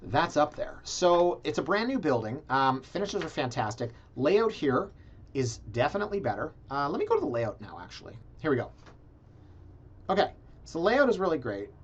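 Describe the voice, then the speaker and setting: A man hosting a casual video, reviewing condo listings in a sarcastic, animated way and talking straight to his viewers. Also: fairly high pitch, normal speed. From Canada. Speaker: realtor and video blog host. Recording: slightly dull, lo-fi sound.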